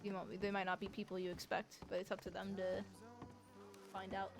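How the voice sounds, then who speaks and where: A woman's voice: mid-range voice, monotone, fairly quick, creaky. Chatty woman streamer swearing casually. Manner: chatty, swears, talks to chat.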